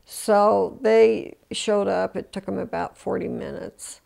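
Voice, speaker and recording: Gravelly-voiced older woman recounting. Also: medium pitch, animated, takes it slowly, a little mellow. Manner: emotional retelling with many restarts; acts out quoted voices. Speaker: interviewee. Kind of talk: oral history interview.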